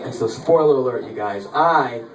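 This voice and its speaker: A man's voice: mid-range voice, moderate pace, background noise. A man performing a stand-up comedy set in the back room of a bar, telling stories with wry timing and acting out the dialogue. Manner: animated, wry storytelling with acted-out dialogue. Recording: echoey bar room, mic at a distance, audience laughter. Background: live audience laughing.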